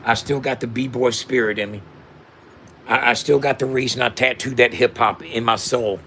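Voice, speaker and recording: His mid-range voice is bright and forceful, with fairly even intonation at a moderate pace and slight background noise. He's a rapper and founder in his fifties delivering an emotional, emphatic monologue to camera, repetitive and full of slang and recurring asides.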